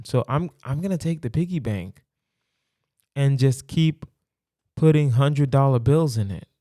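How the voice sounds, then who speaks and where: A young adult man hosting a solo comedy podcast, thinking out loud in a playful, rambling way and checking in with "right?". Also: mid-range voice, unhurried, dry recording, studio quality.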